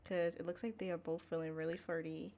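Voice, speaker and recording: A woman hosting a Let's Play, chatting excitably to viewers in casual gameplay commentary. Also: on the low side, fast talker, vocal fry.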